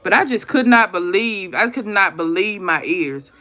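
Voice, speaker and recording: A woman in her thirties chats casually with her viewers on a live stream. She tells stories in an animated way and talks straight to the audience. Her voice sits at an average pitch. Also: normal speed.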